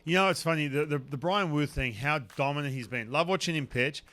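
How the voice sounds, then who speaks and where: Bright, emphatic man. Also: a little high, fairly quick, faint music behind. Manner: animated, emphatic, lots of "dude" and "man". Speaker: podcast host, former pitcher. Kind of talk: casual chat.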